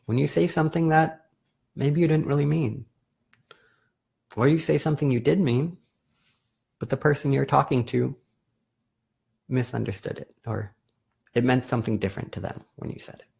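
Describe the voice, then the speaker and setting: A man hosting a live video as a therapist, explaining calmly in a casual, self-correcting way. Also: medium pitch, normal speed, creaky, pauses often, breathy edge. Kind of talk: casual live-stream talk.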